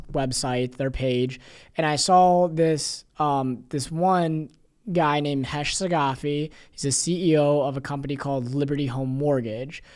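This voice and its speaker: A young man hosting a podcast, telling a story in a casual monologue, animated, acting out quoted voices between many fillers. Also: fairly high pitch, smooth. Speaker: podcast host.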